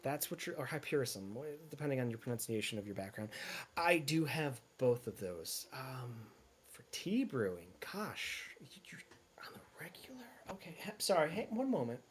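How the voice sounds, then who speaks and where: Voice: medium pitch, sing-song, moderate pace, a little hiss or hum, lightly acted. A game master putting on a gushing tea merchant woman. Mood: flustered. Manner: gushing, fussy, exclaims often. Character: flustered cheerful female tea merchant.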